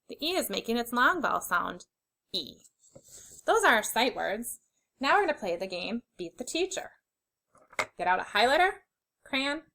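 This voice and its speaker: A young adult woman teaching a phonics lesson to young children, sounding out letters slowly and clearly with encouraging praise. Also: fairly high pitch, bright, forceful tone, poor audio.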